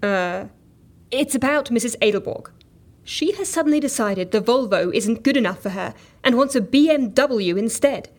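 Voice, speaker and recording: An actress playing an exasperated, straight-laced office worker who speaks in a flustered, incredulous way. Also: female voice, a little high, animated, moderate pace.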